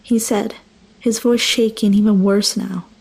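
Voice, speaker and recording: A woman narrating a first-person horror story in a hushed, slow, tense storytelling manner. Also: medium pitch, fairly even intonation, vocal fry, husky.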